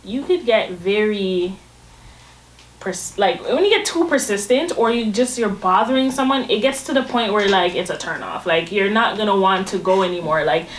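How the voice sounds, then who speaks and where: A woman's voice: medium pitch, normal speed, slight background noise. Chatty woman co-host in an echoey studio. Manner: chatty, gives advice with many "like" fillers. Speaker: talk show co-host. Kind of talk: casual chat. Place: talk show studio.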